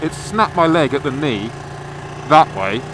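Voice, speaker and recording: A man's voice: a little high, lively intonation, unhurried, noisy background. A man vlogging from inside a car, casually telling a long story and swearing freely. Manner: swears freely, rambling anecdote.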